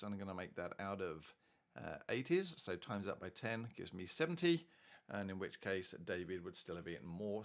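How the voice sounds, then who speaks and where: A man's voice: on the low side, fairly bright tone. A man teaching maths, chatting and thinking aloud as he works through exam problems. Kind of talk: worked-solution maths tutorial.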